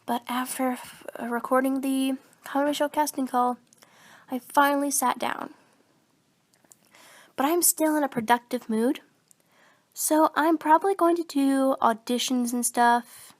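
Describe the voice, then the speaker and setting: A teenage girl chatting aimlessly into her phone mic, meandering and a little self-deprecating. Her voice sits somewhat high for a woman, and she sounds a bit under the weather. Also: fairly even intonation, a little slow. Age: teens. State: sick. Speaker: voice actor vlogger. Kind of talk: casual rambling vlog.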